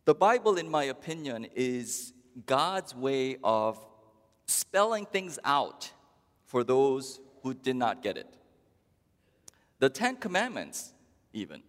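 A male pastor delivering a sermon in a slow, unhurried, wry manner, as if chatting with his congregation. His mid-pitched voice trails into long reverb across the church. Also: sing-song. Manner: conversational, wry, with drawn-out pauses.

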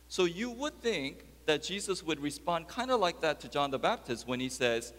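A man preaching a sermon as pastor, dropping soft and low, then rising to loud, high emphatic peaks. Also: very animated, normal speed, hardly any pauses. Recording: long hall reverb.

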